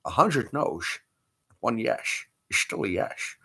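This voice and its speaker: A man doing an impression of an older Scottish film star in a low, mumbled drawl. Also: sing-song, takes it slowly, gravelly, sharp tone, slightly rough, exaggerated voice. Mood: folksy.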